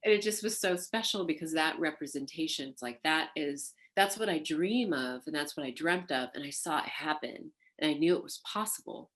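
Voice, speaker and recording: A woman, a burlesque performer, recalling her life in an oral history interview, animated and laughing, with many fillers. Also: deep voice, normal speed, hardly any pauses. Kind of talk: reflective interview storytelling.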